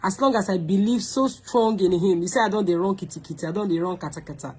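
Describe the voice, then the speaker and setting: Nigerian woman host, husky voice, mid pitch, lectures a rival head-on and slips into pidgin. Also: fast, hardly any pauses, darkish tone, poor audio. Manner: scolding, confrontational, repeats phrases; mixes pidgin into English. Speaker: online show host. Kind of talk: direct-to-camera rant.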